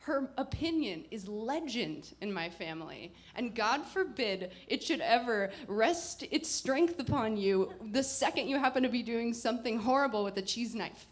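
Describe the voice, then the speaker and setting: A woman telling a personal story at a live performance, wry and reflective, with halting pauses. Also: on the high side, animated. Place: live performance before an audience.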